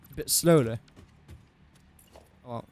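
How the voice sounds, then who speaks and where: A young gaming livestreamer commentates his gameplay in a casual, chatty way, cracking jokes at his own expense and tossing in asides. His voice is medium-pitched and darkish at a measured pace, with slight hiss or hum in the background.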